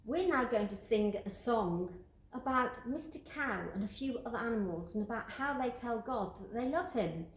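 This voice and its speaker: A woman leading a church toddler group, speaking gently in simple words to small children. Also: fairly high pitch, expressive, moderate pace. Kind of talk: children's worship session.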